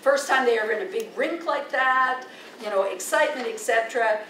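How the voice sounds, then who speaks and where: A woman's voice: fairly high pitch, a little fast, fairly bright tone. An older woman with a Canadian accent giving a chatty, digressive presentation as a risk manager, telling stories with many fillers and restarts. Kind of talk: informal presentation with anecdotes. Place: large meeting room. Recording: echoey room, distant mic, faint noise.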